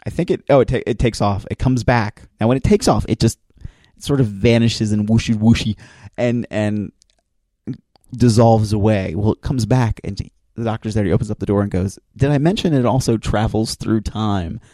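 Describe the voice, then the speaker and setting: A man's voice: on the low side, steady tone, normal speed, mellow, dry recording, studio quality. A man casually recapping a TV episode for his listeners, retelling it with enthusiasm, rambling and restarting as he goes. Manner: enthusiastic storyteller, acts out quoted lines.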